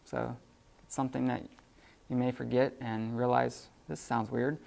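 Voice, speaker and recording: A man's voice: medium pitch, level tone, normal speed, creaky, darkish tone. A man teaching a beginner Greek class in a classroom, explaining casually with lots of fillers and restarts. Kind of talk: unscripted classroom lecture.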